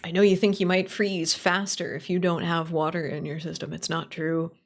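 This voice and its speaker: A woman's voice: fairly low pitch, flat delivery, normal speed, a little hiss or hum. A woman streaming live, chatting casually in a blunt, opinionated, heavily profane way while answering her chat. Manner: playful, answering chat as she talks.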